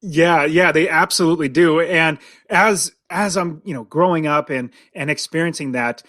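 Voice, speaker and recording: Young male co-host, rambling and laughing, high voice, dead dry room. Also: normal speed, fairly bright tone, dry recording. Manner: rambling, laughing, many fillers. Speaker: podcast co-host. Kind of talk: casual chat. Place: basement.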